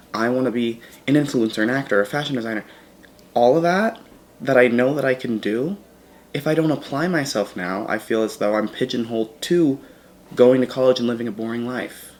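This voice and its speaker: A man's voice: medium pitch, slight background noise. A man talking to camera in a casual, reflective vlog, rambling and correcting himself as he goes. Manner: rambling, self-correcting, earnest. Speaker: vlogger.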